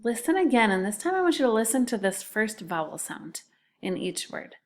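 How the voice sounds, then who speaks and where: A woman teaching a recorded phonics lesson to second graders, sounding words out syllable by syllable in a clear, deliberate way. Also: fairly high pitch, sing-song.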